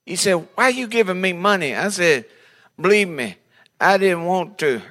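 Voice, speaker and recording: Man, pastor, bright forceful voice, folksy joking storyteller, sermon. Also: sits high, animated, normal speed. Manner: folksy and humorous, acts out voices in his stories.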